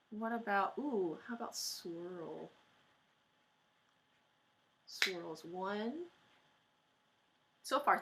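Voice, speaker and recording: A woman teacher giving a recorded lesson for her class, patient and encouraging, thinking aloud and slowly sounding out words. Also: medium pitch, fairly bright tone.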